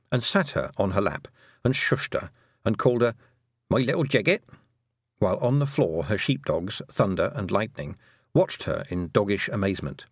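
A man narrates an audiobook in a gently wry, unhurried way. His low voice rises and falls expressively. The sound is dry and close, with no room around it. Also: slightly rough, dry recording.

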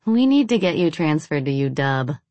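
A woman's voice: low-pitched, very animated, moderate pace, dark tone, no room sound. A woman voicing a playful young female college student with a teasing manner.

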